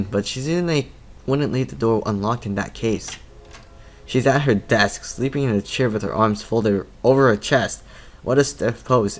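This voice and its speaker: A man reading a visual novel aloud, breaking off into profane, laughing asides. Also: medium pitch. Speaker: let's play host.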